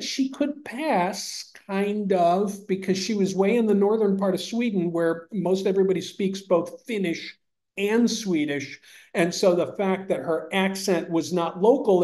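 A man's voice: on the high side, a little mellow. An older man from upstate New York with a Northeastern American accent, a podcast guest telling rambling anecdotes in casual conversation.

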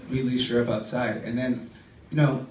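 At an open mic, a man rambles through stand-up stories and spoken-word poetry, scattering "like" and "uh" throughout. His medium-pitched voice is flat and slightly mellow at normal speed, heard live from the club stage through a faraway mic with some room sound and faint noise.

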